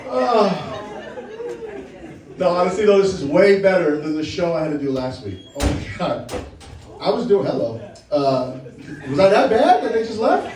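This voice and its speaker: A man with a high voice delivers stand-up in short, punchy beats, teasing and checking in with "right?". The sound is roomy and echoey, and the mic is a bit far from him. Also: huge pitch swings, a little slow, long pauses, crowd noise. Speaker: stand-up comedian. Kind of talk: stand-up set.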